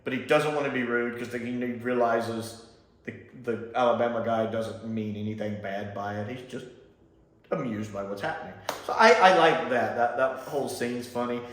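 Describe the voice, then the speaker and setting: A man from Mississippi chatting casually as he reviews a show, lively and laughing often. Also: mid-range voice, normal speed. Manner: animated and chatty, laughs often, does mocking voices. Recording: echoey room.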